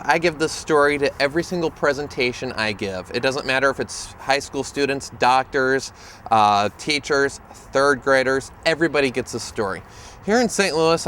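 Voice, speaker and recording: Male autism educator, fairly high voice, playful storyteller, faint background noise outside. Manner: humorous, lively storyteller. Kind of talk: storytelling presentation to camera.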